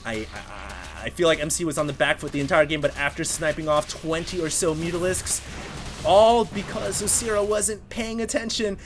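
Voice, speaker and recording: A man casting a video game replay on his own, energetic play-by-play with excited bursts at big plays and chatty asides to his viewers. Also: fairly high pitch, normal speed, slight background noise. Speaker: esports caster.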